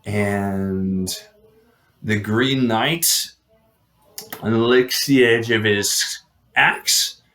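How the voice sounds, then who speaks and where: A man's voice: fairly low pitch, very slow, pauses often, a bit bright. Chatty male storyteller. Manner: chatty, with fillers and asides. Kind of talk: casual oral retelling of a legend.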